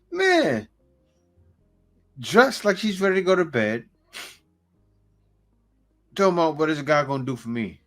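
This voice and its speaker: Man reacting to clips, blunt and joking, slow lively delivery, laughs a lot. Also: fairly high pitch, vocal fry. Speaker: reaction video host. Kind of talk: casual commentary.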